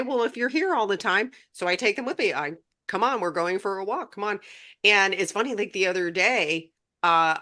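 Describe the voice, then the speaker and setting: Animated woman podcast co-host. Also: mid-range voice. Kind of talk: casual spiritual chat.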